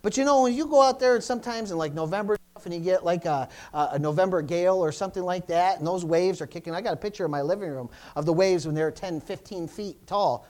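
Fast and with few pauses, a pastor with a medium-pitched, darkish voice preaches to a church congregation. Phrases are frequently restarted, and "amen?" and "praise the Lord" are called out.

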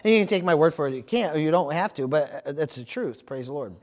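High-pitched male pastor, storytelling sermon delivery with frequent amens. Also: quick pace. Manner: animated storytelling with amens and praise interjections.

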